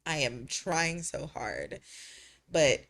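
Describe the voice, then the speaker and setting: This low-voiced woman streamer swings widely in pitch, draws out her words, and sounds a bit bright. She jokes crudely and teasingly in casual chat, laughing frequently and drifting into fillers as thoughts trail off.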